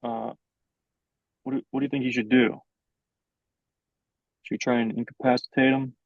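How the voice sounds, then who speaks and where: A man's voice: mid-range voice, flat delivery, normal speed, a little mellow, no room sound, muffled recording. A young adult man improvising a story as co-host, narrating in a hesitant, filler-heavy way. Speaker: podcast co-host.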